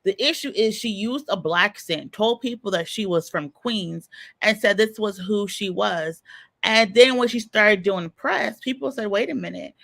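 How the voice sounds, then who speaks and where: A man with a bright, forceful tone co-hosts a podcast and lays out his points emphatically. He stacks examples in lists and repeats phrases to drive each argument home. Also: high-pitched, measured pace, creaky. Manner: emphatic, explaining with lists and repetition. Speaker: podcast co-host. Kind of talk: explanatory commentary.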